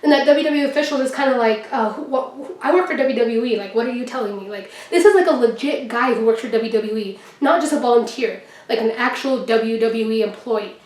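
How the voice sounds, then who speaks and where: Young woman, fairly high voice, chatty storytelling, roomy echo, mic set back from her. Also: a little fast, few pauses, distant mic. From Texas. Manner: excited, chatty, acts out quotes. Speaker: vlogger. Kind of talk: casual storytelling.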